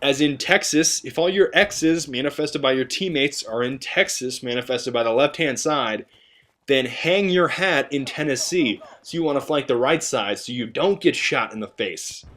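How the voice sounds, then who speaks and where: A man's voice: mid-range voice, normal speed, fairly bright tone. A young man giving casual, joking gameplay commentary with rambling, chatty asides. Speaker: gaming video commentator.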